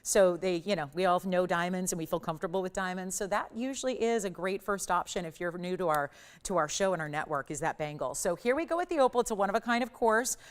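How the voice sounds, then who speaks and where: A woman hosting a live shopping channel broadcast, giving a chatty, gushing sales pitch in a TV studio and repeating words for emphasis. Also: animated, quick pace. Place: television studio.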